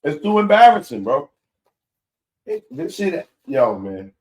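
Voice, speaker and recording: A man, hosting a live commentary show in a casual, animated way that keeps repeating his points. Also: a little high, unhurried. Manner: animated, laughing, repeats himself.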